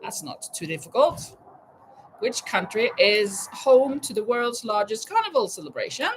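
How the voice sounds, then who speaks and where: A woman's voice: on the high side, very animated, normal speed, a little hiss or hum, rough recording. A woman in her fifties hosting a live chat and quiz, laughing often and exclaiming "oh my goodness.". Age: 50s. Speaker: livestream host running a quiz.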